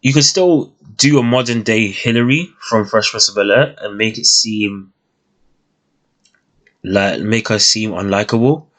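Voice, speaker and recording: Man, lowish voice, young adult, casual show review, hesitant, restarts a lot. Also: measured pace, fairly bright tone. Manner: thoughtful, hesitant, many restarts and fillers.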